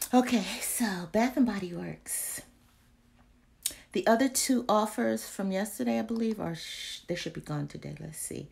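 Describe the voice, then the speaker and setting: A woman's voice: medium pitch, creaky. A woman vlogging casually to her viewers, chatty and exasperated, full of slang and muttered asides. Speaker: candle vlogger. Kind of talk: casual live chat to viewers.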